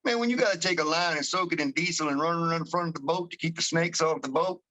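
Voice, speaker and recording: A man with a South Louisiana accent, a towboat captain telling stories in a casual interview. He talks in an animated, rambling way with slang and frequent laughs, and acts out the voices of his crew. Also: fairly high pitch, quick pace, poor audio. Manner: rambling with many restarts and slang.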